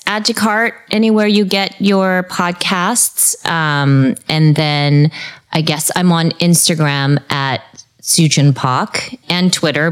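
Young woman podcast guest, low voice, rambling, emotional, laughs often. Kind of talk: casual chat.

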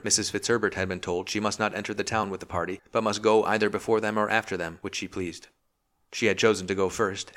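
A man narrating a historical novel as an audiobook in a steady, measured reading. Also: on the low side. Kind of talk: scripted narration.

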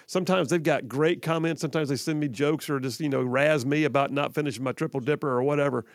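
Male radio host, chatty joker, slightly high voice, dry studio sound. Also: fairly even intonation, fast talker, dry recording. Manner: chatty, joking, repeats himself. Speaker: radio talk show host. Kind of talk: live talk radio. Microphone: studio microphone.

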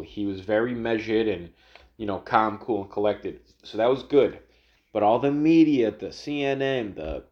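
A man's voice: on the low side, a little mellow, highs cut off. A man ranting casually about politics, rambling and swearing, with lots of restarts and fillers. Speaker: political commentary vlogger.

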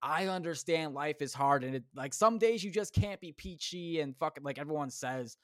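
A man's voice: on the high side, expressive, moderate pace, hardly any pauses, dry recording, studio quality. A man hosting a solo podcast, ranting casually, swearing constantly and rambling off on tangents. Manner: rambling, self-interrupting. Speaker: podcast host.

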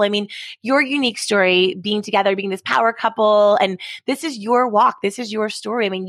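A woman's voice: fairly high pitch, fairly bright tone, no room sound, clean studio sound. A woman guest on a podcast, an author and speaker, talking energetically and emphatically in a casual interview.

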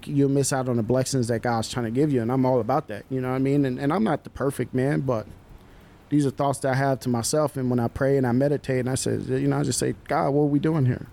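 A young man, a basketball coach, talking casually on a podcast and telling stories in relaxed, slangy speech. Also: mid-range voice, gravelly. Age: young adult.

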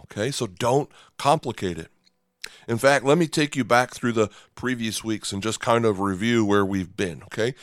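A man's voice: on the low side, a bit bright, no echo, studio quality. A man preaching a sermon in a conversational way, often checking in with "okay?" and "right?" and repeating words as he starts a thought. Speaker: pastor.

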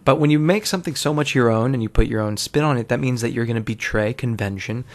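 A man with a gravelly, creaky voice at a middling pitch talks through an old film as it plays. He rambles, restarts his sentences and swears offhand in a loose commentary. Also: quick pace. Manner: rambling, self-correcting, swears casually. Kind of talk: casual watch-along movie commentary.

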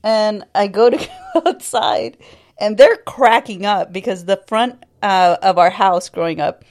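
A woman's voice: medium pitch, unhurried, darkish tone. Woman cohost telling a story, wry, laughs and swears casually. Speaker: podcast co-host.

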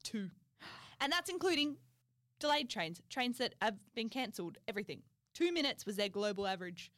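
A woman chats on a podcast, her higher voice swinging up and down as she tells animated stories. She laughs often, and the recording is dry and close. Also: a little fast, dry recording. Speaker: podcast co-host. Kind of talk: casual chat.

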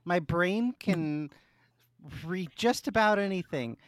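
A woman co-hosting a casual podcast, easygoing and quick to laugh, often trailing off mid-thought. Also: lowish voice, lively intonation, dry recording, studio quality. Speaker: podcast co-host. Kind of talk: casual chat.

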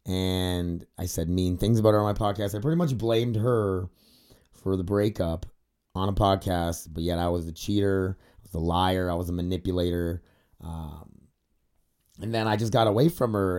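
A man's voice: sits low, fairly even intonation, moderate pace, darkish tone. A young man talking candidly in a confessional vlog, rambling, swearing, with many fillers, tearful at times. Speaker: podcaster. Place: indoor studio set facing a camera.

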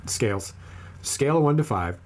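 A man's voice: mid-range voice, lively intonation, normal speed, a little mellow, slight background noise. A man chatting casually with a friend about a TV series, emphatic and teasing, often repeating himself. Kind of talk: casual chat.

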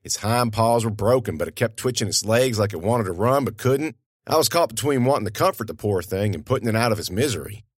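Man, audiobook narrator, folksy storytelling, lively inflection, dry close sound. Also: on the low side, brisk, no echo.

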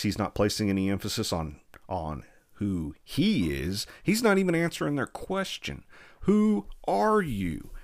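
A man with a lowish voice preaches a verse-by-verse sermon. He reads scripture in a slow, formal cadence, then explains it in plain talk peppered with rhetorical questions.

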